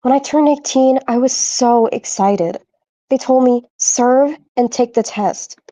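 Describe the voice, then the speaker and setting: A hopeless young servant girl, voiced by a woman, sighing through her words in a high voice. She speaks slowly and mournfully, recorded dry and close. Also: mellow, dry recording. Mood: despairing.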